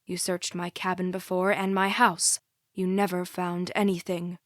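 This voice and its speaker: A woman's voice: fairly low pitch, little pitch movement, unhurried, dry recording, studio quality, close to an everyday voice. Woman doing a curt, seething father. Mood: curt, defiant. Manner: curt, derisive. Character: angry, tense father, curt and defiant.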